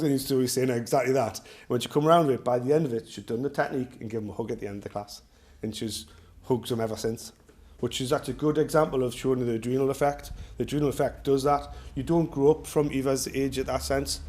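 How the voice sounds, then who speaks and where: A middle-aged self-defence instructor with a Geordie accent, from North East England, entertains his class with rambling, humorous stories in an informal chat. He talks at a quick pace with a steady, medium-pitched, darkish voice.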